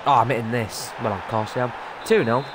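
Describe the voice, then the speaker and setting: A young man giving live commentary over his own football video game play, muttering remarks and bursting into loud shouts when something happens. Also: mid-range voice, a little fast, background noise. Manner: excitable, loud outbursts between muttered remarks. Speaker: gaming streamer.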